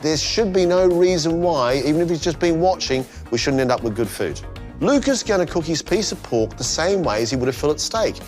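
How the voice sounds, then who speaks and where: A man judging a cooking competition, giving lively, descriptive running commentary on the dishes. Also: on the high side, fairly quick, soft background music.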